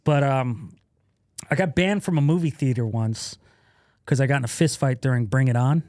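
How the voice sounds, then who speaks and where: A man's voice: mid-range voice, normal speed, no room sound. Guy in his 30s spinning funny stories on a podcast, swears a lot, laughs a lot, dry close sound. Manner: profane, laughing, acts out loud quotes. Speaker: podcast guest. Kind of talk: casual storytelling.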